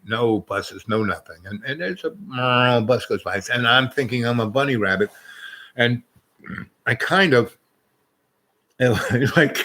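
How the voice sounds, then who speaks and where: A man spins a loose, rambling story at a middling pitch. He doubles back on his words, trails off, and chuckles through it, with an unhurried, conversational flow. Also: a bit bright. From New York. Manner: meandering, repeats words, chuckles often. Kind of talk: rambling personal anecdote.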